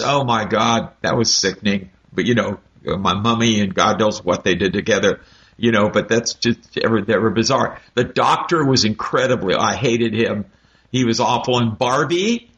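A man sharing firm opinions about a book in a group discussion, talking in quick, animated bursts. His voice is mid-pitched and comes through dull, lo-fi audio. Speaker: book club member.

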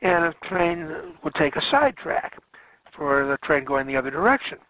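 A man's voice: a little high, very animated, normal speed, fairly bright tone, no room sound, low-quality recording. A man lecturing a class on history, rambling along and correcting himself with frequent fillers.

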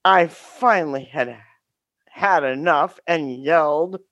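A middle-aged woman telling a story about her teaching days, with a deliberate, dramatic delivery and wry humor. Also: deep voice, dry recording, lo-fi sound.

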